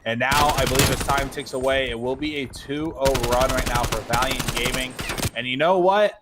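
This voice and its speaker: A man doing fast, excitable play-by-play commentary on an esports match. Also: medium pitch, very noisy. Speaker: esports caster. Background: game gunfire and clicks.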